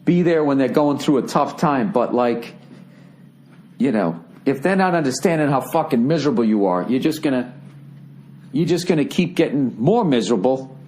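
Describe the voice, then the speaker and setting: A man's voice: medium pitch, animated, moderate pace, darkish tone. A man hosting a podcast, giving blunt advice in a rambling, profane, casual monologue.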